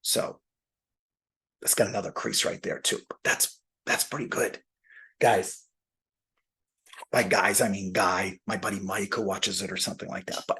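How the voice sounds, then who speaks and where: A man's voice: deep voice, fairly even intonation, normal speed, long pauses, bright, forceful tone, breathy edge. A man chatting casually as he unboxes graded comic books, thinking aloud and poking fun at himself. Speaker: comic book collector.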